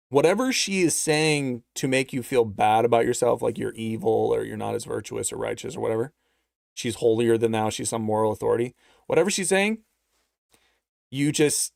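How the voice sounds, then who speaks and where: A man hosting a livestream, talking in a sarcastic, rambling way and reading out messages from his chat, with stretches of mock-anxious rapid-fire questions. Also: mid-range voice, creaky, darkish tone, no room sound, clean studio sound. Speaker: livestream host.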